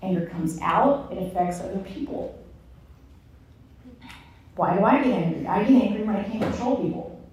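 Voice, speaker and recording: A woman's voice: mid-range voice, normal speed, long pauses. Candid woman speaking in an echoey room. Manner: candid, self-mocking, animated storytelling. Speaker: Bible study speaker. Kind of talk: sermon-style teaching talk. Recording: echoey room from far off, faint ambience.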